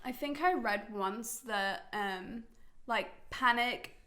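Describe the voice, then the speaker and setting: A young woman co-hosting a podcast, chatting casually in a relaxed, giggly way. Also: on the high side, takes it slowly. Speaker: podcast co-host. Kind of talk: casual chat.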